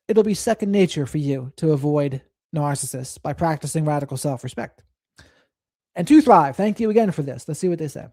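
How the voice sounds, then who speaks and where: A man's voice: a little high, dark tone, no echo, clean studio sound. A man hosting a live stream, commenting on clips in a reflective way and reading and thanking viewers from the chat.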